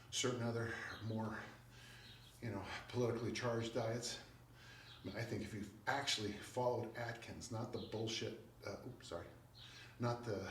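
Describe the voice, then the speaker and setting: An older strength coach in casual vlog talk, blunt and wry, rambling through asides between lifts. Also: male voice, on the low side, a little hiss or hum. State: out of breath. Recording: echoey room, mic at a distance.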